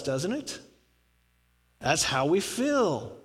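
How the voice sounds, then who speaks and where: A man's voice: high voice, big pitch swings, a little slow, husky. A man preaching a sermon as pastor, conversational and humorous, acting out the voices of people praying. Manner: conversational preaching with humor, acts out quoted prayers. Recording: reverberant hall.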